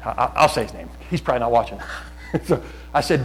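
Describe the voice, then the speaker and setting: A middle-aged male pastor preaching a fervent sermon, often loud, repeating words as he builds. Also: mid-range voice, fast, slightly rough, low-quality recording.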